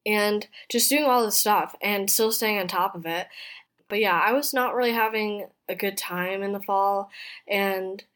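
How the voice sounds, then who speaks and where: A woman in her twenties hosts her own podcast from an apartment room in a city, delivering a casual, personal monologue. Her mid-range, slightly bright voice moves a little slowly, chatty and heartfelt and full of "like" and "you know."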